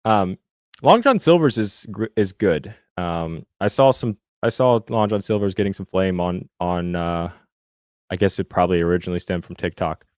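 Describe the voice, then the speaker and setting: Podcast co-host, young man from Indiana, low pitch, dry close sound, loose chatty delivery full of fillers and restarts. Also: moderate pace, no echo. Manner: rambling, many fillers and restarts. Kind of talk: casual sports chat with live chat.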